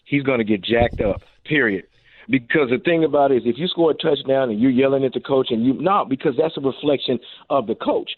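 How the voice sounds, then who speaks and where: A man's voice: medium pitch, fairly quick, no echo. A man, a former pro receiver turned coach, telling stories on a radio show and acting out the quotes as he talks. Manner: animated storyteller, acts out quotes. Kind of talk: casual radio interview. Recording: tinny phone line.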